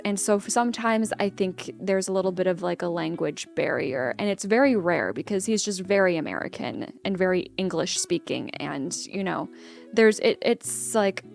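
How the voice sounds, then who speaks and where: A woman's voice: medium pitch, gravelly, darkish tone. A young adult woman streamer chatting casually with her live chat, rambling and cutting herself off mid-sentence. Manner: rambling, self-interrupting, chatty. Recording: faint guitar music behind. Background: faint guitar music.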